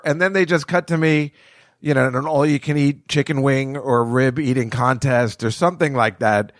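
A man's voice: mid-range voice, normal speed, no room sound. Rambling, cursing middle-aged man on a dry mic. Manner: rambling, profane, laughing at his own jokes. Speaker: podcast host. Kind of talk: casual rambling monologue.

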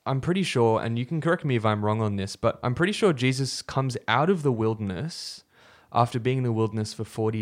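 A man co-hosting a faith podcast, retelling a story from scripture in a relaxed, conversational way with fillers and restarts. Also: mid-range voice. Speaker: podcast co-host.

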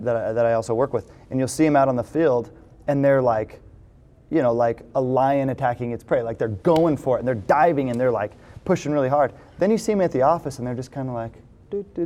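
Relaxed man with a mellow voice. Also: mid-range voice, brisk. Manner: relaxed, rambling, many "you know" fillers. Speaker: podcast host. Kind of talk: casual interview chat.

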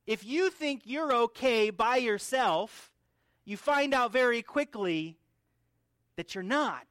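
A man's voice: very high-pitched, a bit bright, dry recording, clean studio sound. A male pastor preaching an expository sermon in an earnest teaching manner, often restarting and repeating words. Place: church.

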